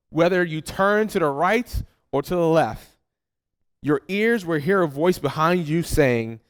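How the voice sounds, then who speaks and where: Earnest man preaching, smooth clear voice. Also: on the high side. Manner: earnest, repeats phrases for emphasis. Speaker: pastor. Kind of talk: sermon. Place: church hall.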